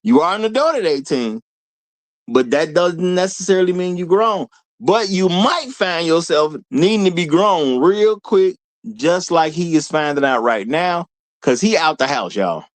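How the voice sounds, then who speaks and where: A man hosting a live commentary show, riffing straight to his viewers. His voice sits high for a man and swings widely in pitch. He hammers each point home by saying it again. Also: unhurried, no room sound, low-quality recording. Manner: animated, repeats lines for emphasis, addresses viewers as y'all.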